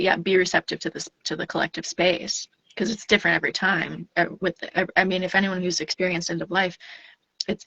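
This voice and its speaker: A woman's voice: lowish voice, fairly bright tone, slightly rough, no room sound, rough recording. A woman speaking as a death doula guest in a casual podcast conversation, earnest, reflective and spiritual.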